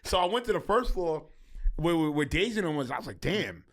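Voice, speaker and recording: A man hosting a podcast, telling a story in an animated, slangy way with frequent laughter. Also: a little high, fast talker. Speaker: podcast host. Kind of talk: casual chat.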